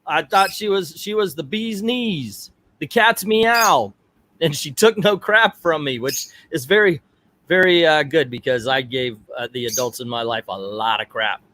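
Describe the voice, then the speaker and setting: A man's voice: fairly high pitch, measured pace, sharp tone. A middle-aged man hosting a casual livestream, chatty and digressive, turning aside to talk to his family. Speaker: livestream host.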